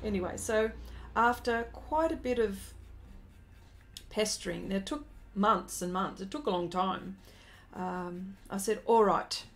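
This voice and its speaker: A woman's voice: mid-range voice, measured pace. A woman in her forties telling a rambling story during a casual live stream as an artist and host, breaking off to greet viewers.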